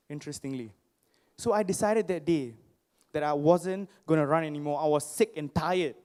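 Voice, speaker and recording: A young man speaks from a stage to a live crowd, his voice pitched high. He tells personal stories with animated, playful self-mockery and often asks the audience questions. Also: moderate pace. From Singapore. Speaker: motivational speaker.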